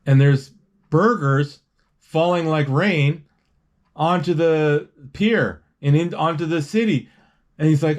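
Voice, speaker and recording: Man rambling through a movie retelling. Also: fairly high pitch. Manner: rambling, with restarts and quick acted quotes.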